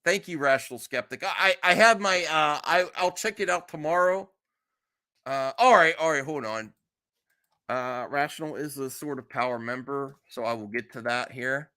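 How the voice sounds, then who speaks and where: A man's voice: mid-range voice, moderate pace, pushed and bright. A man hosting a casual live stream, reacting bluntly and with exasperation, swearing freely as he reads chat. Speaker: streamer host.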